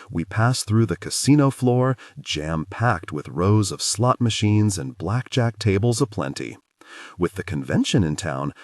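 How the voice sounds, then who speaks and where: A man narrating a first-person romance audiobook, his low voice swinging widely and playfully through each sentence. The recording is dry and close, with no room sound. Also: breathy edge, no echo. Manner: playful, expressive storytelling.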